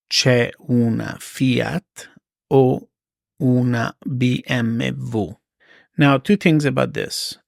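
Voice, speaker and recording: A man with an Italian accent teaching a grammar lesson, repeating his example phrases slowly and carefully. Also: medium pitch, gravelly, no echo, studio quality. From Italy.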